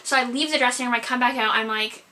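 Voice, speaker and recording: A woman's voice: a little high, fairly even intonation, fast talker, sharp tone, slight background noise. A young adult woman vlogger telling a storytime tale in a rambling way, with "like" in nearly every phrase. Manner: rambling, filler-heavy retelling, lots of "like". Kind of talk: storytime vlog.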